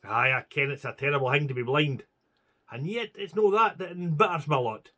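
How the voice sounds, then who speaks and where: A man voicing a blinded Scots soldier, loyal and gruff, speaking bluntly in broad Scots dialect. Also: on the high side, moderate pace, sharp tone. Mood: rueful.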